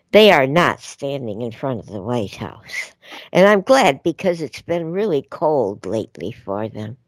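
A woman's voice: sits low, darkish tone, dry recording. A woman calling in to a radio talk show, speaking in a hesitant, casual way with many fillers. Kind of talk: casual chat.

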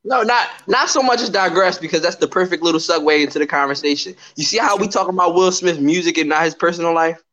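A man co-hosting a podcast in casual chat, animated and playful, acting out little quotes as he talks. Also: a little high, fast, hardly any pauses, muffled recording. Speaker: podcast co-host.

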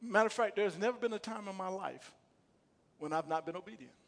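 A man's voice: high voice, brisk, a bit bright, big-room sound. A male pastor preaching a sermon in church, questioning the congregation and rising to emphatic bursts. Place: church sanctuary.

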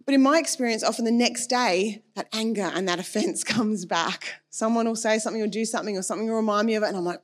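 A woman's voice: mid-range voice, fast talker, hardly any pauses. A woman preaching a sermon in an earnest, personal and conversational way.

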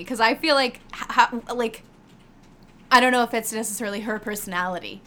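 Brief: woman, bright and slightly high, rambling casual chat. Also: a little fast. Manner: rambling with fillers, giggly.

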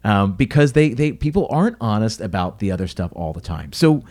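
A man who works as a restaurant consultant, giving advice in an energetic, coaching way in casual conversation. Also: fairly low pitch, fairly quick. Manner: energetic, coaching tone, quotes others.

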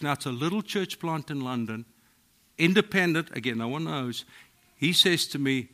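A middle-aged South African man, a pastor preaching a sermon, telling stories in a voice that drops to a hush and then rises to loud exclaiming. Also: on the high side, animated, moderate pace. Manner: storytelling, swings from hushed to exclaiming.

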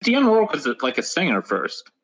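A man's voice: a little high, huge pitch swings, moderate pace, husky, dull audio. A man co-hosting a casual chat, joking and teasing, reading things aloud. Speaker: podcast co-host.

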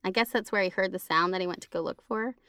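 A woman's voice: mid-range voice, fast, sharp tone, clear, resonant tone, no room sound, studio quality. A woman co-hosting a casual chat, reading spooky stories and teasing her co-host bluntly. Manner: blunt, teasing, swears freely.

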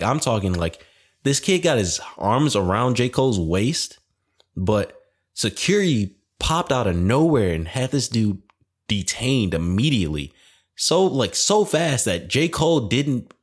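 A young man hosting a podcast alone, rambling in casual chat, packed with "like" fillers and frequent swearing. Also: sits low. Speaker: podcast host.

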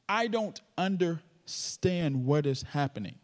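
A man's voice: high voice, very animated, measured pace, hardly any pauses. A man preaching a sermon with a stutter, joking playfully with the congregation. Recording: long hall reverb.

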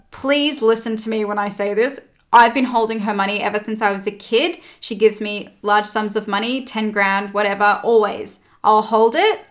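A woman chatting casually as a host, telling her story in a candid, emphatic way and swearing freely. Her pitch sits in an ordinary middle range for a woman. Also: a bit bright. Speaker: podcast host. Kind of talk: casual chat.

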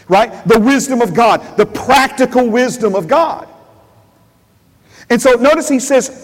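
A man's voice: very high-pitched, measured pace, long reverb tail, rough recording. A male pastor preaching a sermon, repeating phrases and asking the congregation questions. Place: church.

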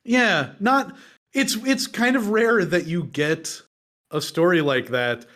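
A man co-hosting a casual podcast chat, animated and quick to laugh, trying out jokey mock accents. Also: high voice. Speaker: podcast co-host.

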